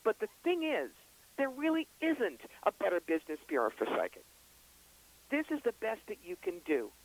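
A man with a brisk, wry storytelling manner, the psychic author and reverend being interviewed on a radio show. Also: high-pitched, huge pitch swings, rough recording. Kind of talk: interview guest.

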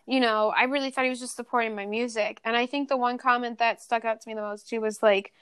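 A woman's voice: on the high side, fairly even intonation, quick pace, a bit bright, smooth, no echo, studio quality. A young adult woman guesting on a podcast, telling a personal story in a candid, profane way, full of "like" and "you know". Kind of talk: casual podcast chat.

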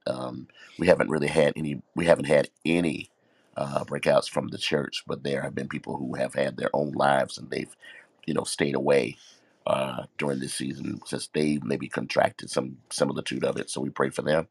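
A man who is a pastor, talking earnestly in a halting way on a faith podcast. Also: extremely low pitch, vocal fry, dry recording. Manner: halting, many fillers and restarts, earnest. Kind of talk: casual faith talk.

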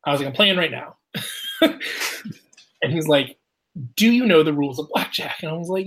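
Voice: medium pitch, brisk, pauses often, a bit bright, slightly rough. A person telling a casual story, swearing often, laughing and acting out the quotes of others.

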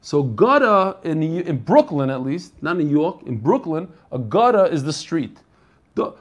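High-voiced man teaching a Talmud class. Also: big pitch swings, unhurried, dull audio. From United States. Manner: reads Aramaic text in a singsong, then explains it in casual English; informal, chatty asides to the class.

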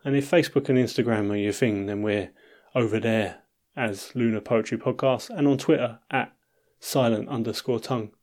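A man's voice: mid-range voice, moderate pace, a little mellow. Man reading a podcast intro. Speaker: podcast host. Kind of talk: scripted show intro.

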